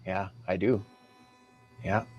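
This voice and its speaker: A man's voice: low voice, level tone, slow pace, highs cut off, a little hiss or hum. A man hosting a live-streamed podcast interview, easygoing, reading out viewer comments. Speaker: podcast host.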